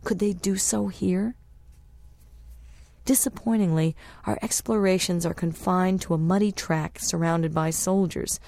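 A woman reading a travel memoir aloud as a narrator, in a measured, descriptive storytelling manner. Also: on the low side, fairly even intonation, gravelly, darkish tone, no echo. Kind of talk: scripted audiobook narration.

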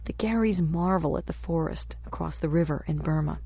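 Gravelly low-voiced woman narrating. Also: warm tone, no room sound. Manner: measured, descriptive storytelling. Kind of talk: scripted audiobook narration.

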